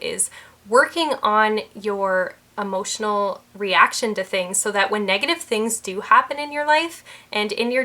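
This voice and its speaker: Young female mindset coach, bright tone, earnest and explanatory, talking-head delivery. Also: medium pitch. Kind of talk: talking-head advice video.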